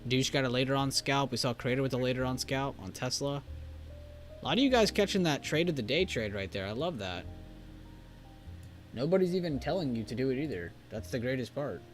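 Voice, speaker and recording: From a home studio in Texas, a man hosts a live stream, casually chatting while reviewing trades. He's laid-back and talkative, laughs easily, and uses lots of fillers, speaking fairly quickly and expressively in a mid-range voice over soft background music.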